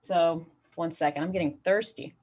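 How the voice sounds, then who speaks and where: A woman's voice: fairly low pitch, fairly even intonation, moderate pace, a little mellow. A woman performing a stand-up comedy set online, delivering dry punchlines and often chuckling at her own jokes. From Saudi Arabia.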